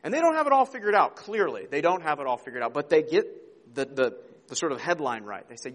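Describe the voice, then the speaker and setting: A pastor preaches a sermon in a church sanctuary, his voice a little high, fairly bright, brisk and very animated. He is earnest and emphatic, repeating words and posing rhetorical questions, and the recording carries a long hall reverb.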